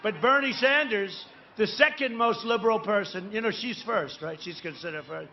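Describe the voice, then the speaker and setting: A man with a fairly high-pitched voice gives a campaign rally speech, drifting from point to point with repeated asides and tag questions like "right?" He talks in an emphatic, boastful way and breaks into loud bursts. The feed sounds a little dull and lo-fi, with a faint hiss of noise underneath. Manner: rambling, repetitive, full of asides and tag questions to the crowd. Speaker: political candidate addressing a rally crowd.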